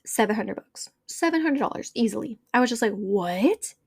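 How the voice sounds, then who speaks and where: A woman's voice: a little high, lively intonation, fast talker, gravelly, no room sound, studio quality. A young woman hosting a podcast, telling a story in a bubbly, chatty way, full of "like" and talking straight to her listeners. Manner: bubbly, chatty, leans on filler "like", addresses listeners as y'all. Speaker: podcast host. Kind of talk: casual storytelling chat.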